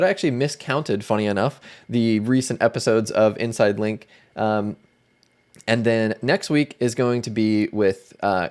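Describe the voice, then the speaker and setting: A man hosting a casual livestream, chatting in a relaxed way and greeting viewers by name. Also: fairly low pitch. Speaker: livestream host.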